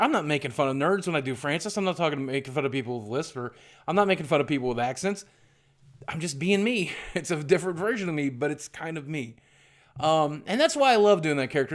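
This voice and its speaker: Pitched a little high, a middle-aged YouTuber from southwestern Virginia delivers a candid, meandering vlog monologue. He pokes fun at himself and keeps restarting his thoughts.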